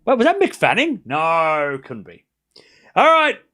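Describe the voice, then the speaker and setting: Excitable high-voiced man calling tennis live. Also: unhurried. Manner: chatty, excitable, jokes and speaks to viewers. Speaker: stream host. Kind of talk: live play-by-play commentary for a watchalong stream.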